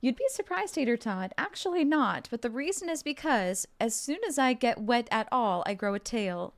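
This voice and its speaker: A woman game streamer chatting casually with her viewers while playing, bubbly and excitable, playful and joking. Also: a little high, moderate pace. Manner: bubbly and excitable, with gasps and giggles; playful, jokes and role-plays as a mermaid.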